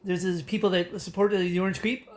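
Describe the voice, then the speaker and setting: Fairly quick and level in tone, a high-pitched Canadian man delivers a casual rant to camera as a political commentator. The talk is loose and rambling, full of fillers and false starts, and he often bursts out laughing.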